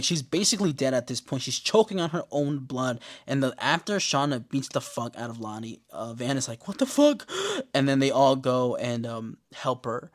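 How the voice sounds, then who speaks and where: A man casually recapping a TV episode, animated and profane, briefly mimicking the characters' lines. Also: medium pitch. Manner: animated, profane, acts out characters' lines in quick put-on voices. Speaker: podcast host recapping a TV show.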